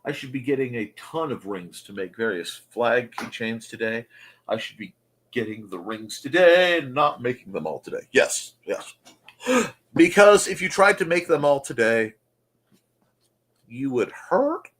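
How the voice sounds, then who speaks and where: A man's voice: mid-range voice, very animated, unhurried, a bit bright. A man hosting a casual morning chat show, joking and riffing on viewer comments in a goofy manner. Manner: goofy, jokey, mock-announcer asides.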